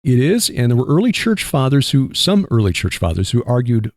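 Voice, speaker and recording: A man with a Midwestern accent hosting a casual Christian radio talk show, rambling and halting with fillers. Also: mid-range voice, very animated, a little mellow, no room sound, studio quality. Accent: Midwestern American. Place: barn studio.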